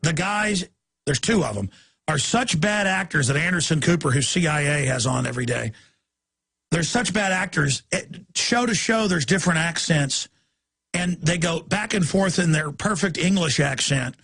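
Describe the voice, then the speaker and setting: Gravelly, high-pitched ranting radio host. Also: male voice, animated, a bit bright. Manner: heated, rapid-fire ranting. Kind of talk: talk radio monologue.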